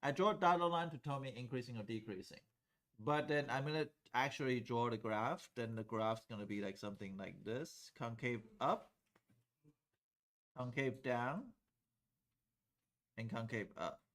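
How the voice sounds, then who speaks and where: A man lecturing a calculus class in a relaxed, conversational way. He talks through each step at the board and keeps stopping to ask students whether it makes sense. His voice sits at an ordinary middle pitch. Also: normal speed, pauses often. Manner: conversational, checks in with students often. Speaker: calculus teacher.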